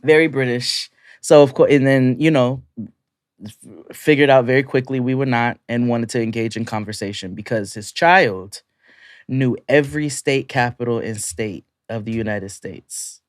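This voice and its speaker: A man's voice: mid-range voice, moderate pace, clear, resonant tone, no echo, studio quality. A man co-hosting a podcast, telling stories in casual chat and laughing often through them. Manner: storytelling, laughing often through his own anecdotes. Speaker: podcast co-host.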